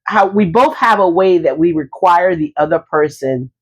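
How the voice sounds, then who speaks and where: A woman's voice: on the low side, lively intonation, normal speed, husky, muffled recording. A woman podcast co-host chatting casually with a friend, animatedly acting out both sides of a conversation with her husband. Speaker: married housewife and mother. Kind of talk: casual chat between friends.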